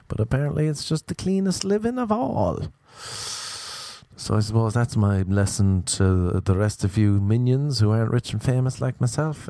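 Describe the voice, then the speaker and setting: Gravelly low-voiced man, rambling stories. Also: expressive, a little slow, warm tone, no echo, studio quality. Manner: rambling, self-mocking, laid-back. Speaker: comedian. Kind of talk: casual storytelling monologue.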